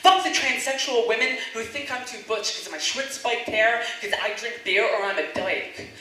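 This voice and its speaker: A woman's voice: a little high, normal speed, pushed and bright, pitched above the performer's own voice. A woman voicing a brash trans woman poet with a thick Brooklyn accent, belting out a defiant rant. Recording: very echoey room.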